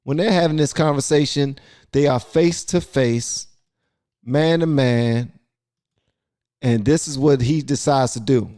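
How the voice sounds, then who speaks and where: A man's voice: medium pitch, unhurried, pauses often. A man hosting a reaction video, talking casually and in disbelief about a clip. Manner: incredulous, animated.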